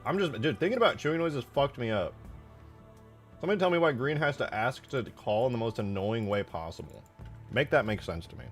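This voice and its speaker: A man's voice: mid-range voice, lively intonation, fairly quick, soft background music. A young man streaming while he mods a game, casually ranting and swearing as he talks to his chat.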